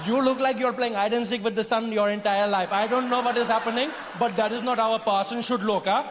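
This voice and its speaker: A man's voice: very high-pitched, steady tone, fast talker, voice pushed up. A comedian voicing a blunt, mocking local man, unbothered and teasing. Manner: blunt, mocking, matter-of-fact. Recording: echoey venue with faint noise.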